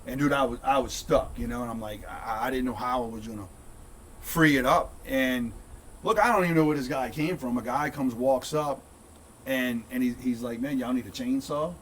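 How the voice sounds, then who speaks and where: A man's voice: mid-range voice, normal speed, fairly bright tone, distant mic, a little hiss or hum. A middle-aged man telling a long story. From St. Bernard Parish, Louisiana. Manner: rambling, repeats words, says "dude" often. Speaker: guest, content creator. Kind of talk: casual storytelling.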